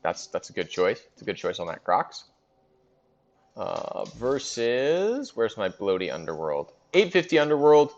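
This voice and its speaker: A man's voice: fairly low pitch, wildly swooping pitch, unhurried, lo-fi sound. A man hosting a casual recap of a league in a fantasy sports board game, chatting and thinking aloud with fillers.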